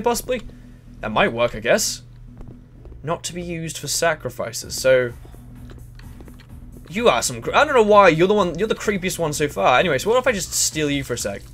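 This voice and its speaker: A man commentating a game, fairly high in pitch and swinging widely as he reacts. His talk is excitable and crude, and he keeps addressing the characters on screen. Faint music plays behind him. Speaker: gaming channel host. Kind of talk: let's play commentary.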